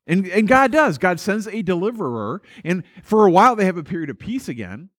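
A man preaching a sermon, telling the story in an animated way with playful asides and repeating words as he restarts. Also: sits high, brisk, few pauses, dry recording, studio quality. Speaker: pastor.

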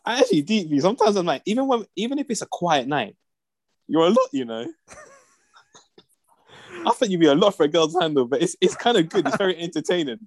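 A man's voice: sits high, big pitch swings, fairly quick, pauses often, dry recording. Slangy young man, dry close sound. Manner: laid-back slangy banter, laughs often. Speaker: podcast co-host. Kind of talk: casual chat.

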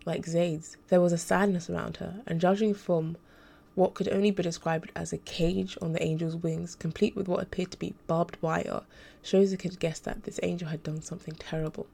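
A woman narrating an audiobook extract in a steady, measured reading style. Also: fairly low pitch, vocal fry, husky.

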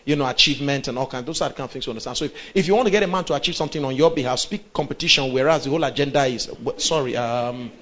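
A male pastor teaching a sermon on relationships, animated, acting out voices and checking in with his listeners. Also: mid-range voice, very fast, hardly any pauses, lo-fi sound, a little hiss or hum. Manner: animated, acts out quoted voices, checks in with the audience.

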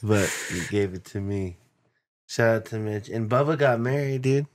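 A man's voice: moderate pace, no room sound, clean studio sound. Rambling, foul-mouthed young man podcaster. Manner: rambling, swears a lot, acts out quotes with big jumps in pitch. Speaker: podcast co-host. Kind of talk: casual chat.

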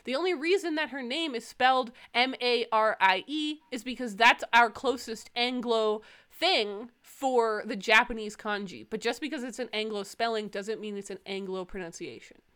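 A young woman hosts a podcast in easy, casual chat, animated and quick to laugh as she rants. Her voice sits a bit high. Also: clean tone. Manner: chatty, animated, laughs often while ranting. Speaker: podcast host.

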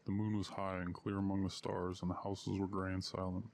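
A man narrating short stories in a measured, unhurried reading. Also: deep voice, monotone, creaky, a little mellow. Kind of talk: audiobook story reading.

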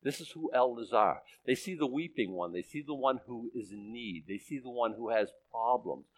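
A man in his sixties, a pastor preaching a sermon, emphatic and animated, reading scripture and making sarcastic asides. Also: mid-range voice, moderate pace. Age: 60s. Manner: reads scripture aloud in older English.

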